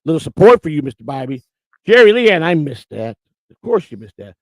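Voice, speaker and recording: A man's voice: a little high, sing-song, a little fast, dry recording. A man hosting a casual live stream, joking and teasing as he reads chat messages aloud on a streaming mic. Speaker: host.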